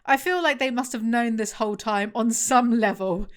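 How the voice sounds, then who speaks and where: A woman's voice: a little high, normal speed. A young woman reviewing a book, reading passages aloud and breaking in with sarcastic, chatty asides to her viewers.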